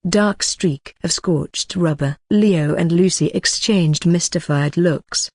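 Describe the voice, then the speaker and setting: An audiobook narrator giving a steady, scripted reading of a novel. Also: medium pitch, a little slow, few pauses, no room sound, studio quality.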